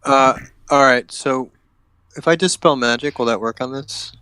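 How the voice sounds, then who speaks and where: A man's voice: medium pitch, normal speed, pushed and bright, slight background noise, poor audio. A man playing in a tabletop game, easygoing and chatty. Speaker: player. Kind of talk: casual tabletop play.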